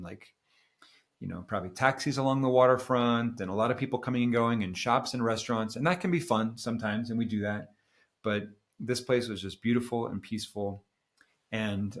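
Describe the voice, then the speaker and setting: A middle-aged man with a lowish voice, telling a story at an easy pace with a relaxed, casual air. He wanders through the tale with the odd "um" and "you know" as he co-hosts a podcast chat. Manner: relaxed, rambling, with fillers. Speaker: podcast co-host.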